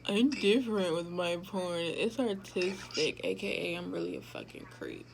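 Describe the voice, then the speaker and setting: A woman's voice: lowish voice, normal speed, creaky, low-quality recording. A woman giving blunt, profane, sassy running commentary while reacting to a film. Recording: loud music under the voice.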